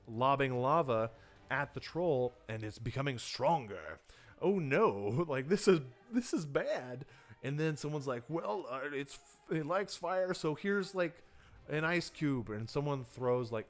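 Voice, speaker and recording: A man on a livestream teaching how to write horror for tabletop role-playing games, talking loosely and conversationally and acting out players' reactions. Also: medium pitch. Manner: loose and conversational, with many fillers and restarts. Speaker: tabletop game design teacher. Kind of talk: livestreamed workshop talk.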